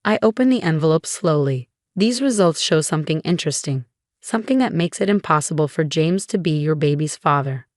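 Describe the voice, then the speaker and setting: Low-voiced woman narrating a story. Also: animated, a little fast, dry recording, studio quality. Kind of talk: scripted first-person narration.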